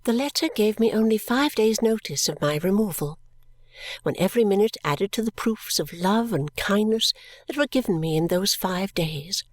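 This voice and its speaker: A woman's voice: medium pitch, expressive, normal speed, no echo. Tender woman reading a classic novel. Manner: tender, emotive reading with soft whispered touches. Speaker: audiobook narrator. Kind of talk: scripted narration of a classic novel.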